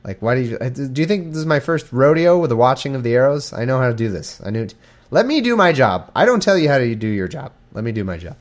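A man reads old scripture aloud and keeps breaking off to make casual, irreverent jokes about it. His voice is mid-pitched and very lively, rising and falling a lot, and he chuckles at his own wisecracks. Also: quick pace. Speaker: scripture reader and commentator. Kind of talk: casual reading with joking commentary.

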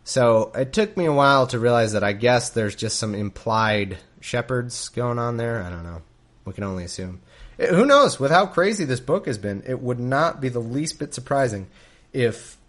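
A man's voice: mid-range voice, expressive, normal speed, a bit bright. A man reading scripture aloud and breaking off for wry, joking asides. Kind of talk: Bible reading with comedic commentary.

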